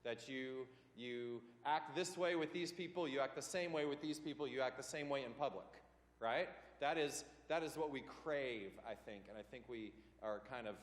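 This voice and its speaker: In a church meeting room, a man leads a church leadership class in a loose, rambling teaching style, full of ums and self-corrections. His voice is mid-range at a moderate pace, and the recording sounds like a roomy hall with long reverb.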